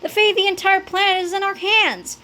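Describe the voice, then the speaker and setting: A woman voicing a bossy, quick-thinking young schoolboy who gives orders in a children's storybook read-aloud. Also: extremely high pitch, fairly even intonation, bright, forceful tone, pitched above the performer's own voice. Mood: scheming. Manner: barks urgent orders.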